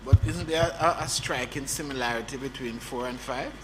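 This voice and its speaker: A man's voice: medium pitch, moderate pace. A man in a large hearing room questioning a committee on the wording of a clause, probing and asking for clarification. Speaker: committee member. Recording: hall reverb with faint hum.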